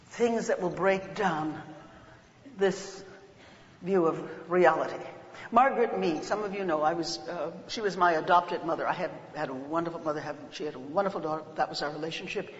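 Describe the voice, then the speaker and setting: A woman giving a workshop lecture, telling stories with lively chants and voices. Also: fairly low pitch. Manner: animated storytelling, breaks into chants and voices. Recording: echoey hall, dull lo-fi sound.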